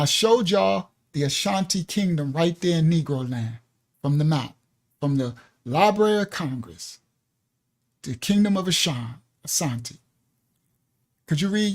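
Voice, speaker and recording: Animated man teaching a livestream, slightly high. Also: slightly rough. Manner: animated, emphatic, talks to viewers at home; casual, laughs often. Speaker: ministry teacher.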